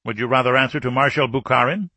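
A man's voice: medium pitch, fairly even intonation, fast, pushed and bright, no echo. A man reading an audiobook, voicing a stern older Soviet army marshal with a grave, urgent, insistent delivery.

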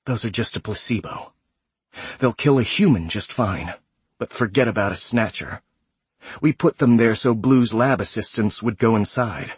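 A man voicing a tough female soldier who speaks in a hushed whisper. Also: on the low side, normal speed, husky, dry recording. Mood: tense whisper.

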